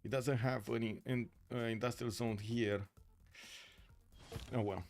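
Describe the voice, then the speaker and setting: A man from Romania with a Romanian accent, commentating a strategy game tournament live, excitable and full of filler sounds. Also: mid-range voice, unhurried, faint music behind. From Romania, Bucharest. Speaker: tournament caster and streamer.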